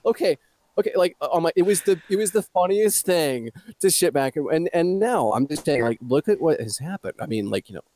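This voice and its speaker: A man on a livestream panel, talking in a joking, animated way with lots of fillers. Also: a little high, fairly quick. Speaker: panel guest. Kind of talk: casual livestream chat.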